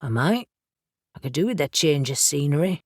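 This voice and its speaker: A woman's voice: low-pitched, lively intonation, moderate pace, no room sound, clean studio sound. A woman reading the part of a moody young man who speaks in a subdued, guarded way.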